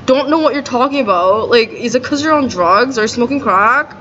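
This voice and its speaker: Talking to camera at a moderate pace, a woman vlogger rambles in an indignant, agitated way, scattering "like" throughout. Her slightly high voice has lively intonation and some brightness, while the lo-fi recording sounds dull with faint noise.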